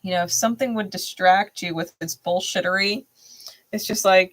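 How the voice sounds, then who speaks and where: A woman's voice: medium pitch, normal speed. A woman hosting a live tarot reading who swears bluntly, laughs often and repeats phrases for emphasis. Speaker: tarot reader and channel host.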